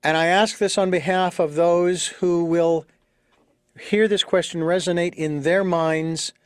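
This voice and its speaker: A man's voice: high voice, steady tone, a little slow, smooth, dry recording, studio quality. A man hosting an interview, asking questions in a careful, hesitant way. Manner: careful, hesitant phrasing with restarts. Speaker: podcast host.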